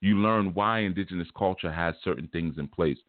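A man hosting a show, telling a story in a relaxed, rambling way and acting out what people said. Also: low voice, a little fast, dry recording. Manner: relaxed storytelling, repeats "man", acts out quotes. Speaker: spiritual teacher and show host. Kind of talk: casual monologue. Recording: dry phone-like sound.

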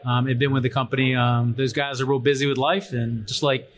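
A man's voice: medium pitch, level tone, fairly quick. A man hosting a casual livestream panel of fire instructors at a conference, joking and rambling with lots of fillers and restarts. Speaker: host, fire service instructor. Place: trade conference venue.

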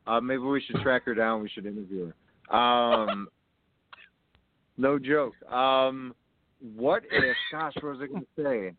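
A man's voice: medium pitch, slow. A man co-hosting a wrestling podcast, chatting casually with many ums and restarts. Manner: hesitant, filler-heavy. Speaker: podcast co-host. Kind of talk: casual chat. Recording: tinny phone-line call-in audio.

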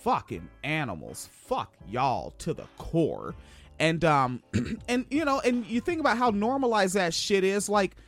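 A man from Washington State hosting a podcast, telling stories in a profane, animated way. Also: unhurried, soft background music. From Washington State, USA. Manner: profane, animated, swings pitch for emphasis. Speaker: podcast host. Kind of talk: casual storytelling chat.

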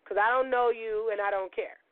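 A middle-aged woman hosting a podcast, telling a story in a loud, profane, animated way and acting out the quotes, her voice a little gravelly as it recovers. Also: on the high side, fairly quick, no room sound. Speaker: podcast host. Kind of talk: storytelling monologue. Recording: tinny phone-like line.

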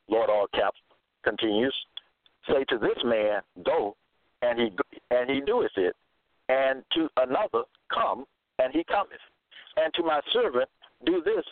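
A man's voice: medium pitch, no echo. Man, self-styled scripture teacher, repeats key phrases, thin phone-line sound, dry close audio. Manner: reads verses aloud, then repeats key phrases with emphasis. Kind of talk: monologue reading and interpreting scripture.

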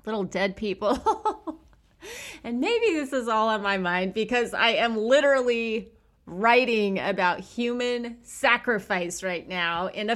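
Woman, podcast host, casual monologue, slightly high voice, laughs often, storytelling. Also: a bit bright. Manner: chatty, laughs often, acts out quoted people.

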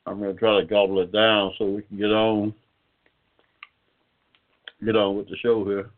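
A man's voice: lowish voice, level tone, normal speed. An older man, hosting a casual internet radio talk show in a rambling, folksy way. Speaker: host. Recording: phone-like call-in line.

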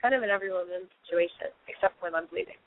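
A woman's voice: lowish voice, racing, no echo. A woman musician guest chats loosely in an interview, circling her points with fillers and restarts. Her voice comes through a narrow, phone-like line. The sound is dry, with no room around it. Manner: rambling, heavy with fillers and restarts. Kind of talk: casual interview chat.

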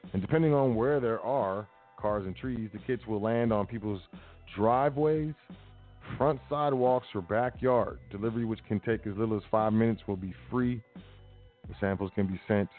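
A man hosting a casual talk show, reading news aloud and commenting with sarcasm and loose slang. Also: lowish voice. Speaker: podcast host. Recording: tinny phone-like line.

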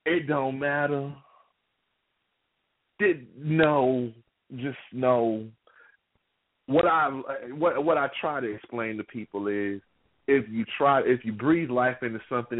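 Man co-host, blunt, profane rant, mid-pitched, dry tinny phone sound. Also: a little slow, no room sound. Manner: blunt, profane, repeats words when starting. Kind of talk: casual radio chat. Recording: dry phone-line audio.

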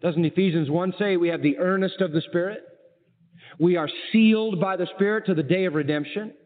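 A high-pitched man preaches with emphatic repetition and rhetorical questions. The recording is thin and phone-like, and his voice rings with a long hall echo. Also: a little fast. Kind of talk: sermon. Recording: tinny narrow-band archive sermon with long hall reverb.

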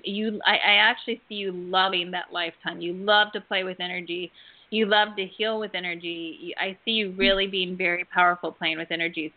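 A woman hosting a call-in show about past-life healing, telling stories in a chatty, animated way with many fillers. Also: mid-range voice. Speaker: host and past-life healer. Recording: phone-like narrow band.

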